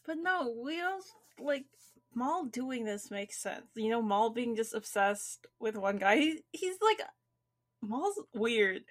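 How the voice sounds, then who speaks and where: A woman's voice: a little high, big pitch swings, takes it slowly. A woman co-hosting a podcast in casual chat, rambling loosely, swearing and laughing as she talks. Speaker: podcast co-host.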